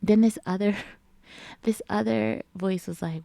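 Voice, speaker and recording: A woman's voice: medium pitch, fairly even intonation, unhurried, gravelly, mellow, dry recording. A woman in a casual reflective vlog chat, rambling with lots of filler words. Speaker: vlogger.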